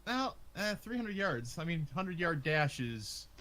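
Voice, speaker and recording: Man, game master, bright tone, hesitant with many fillers, faint background noise. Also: fairly high pitch, big pitch swings, unhurried. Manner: hesitant, full of ums and uhs. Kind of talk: narrating a tabletop game.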